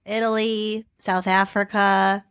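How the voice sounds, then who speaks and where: A woman's voice: mid-range voice, flat delivery, slow, clean tone. A young adult woman co-hosting a podcast in casual chat, with dry quips and easy laughter. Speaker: podcast co-host.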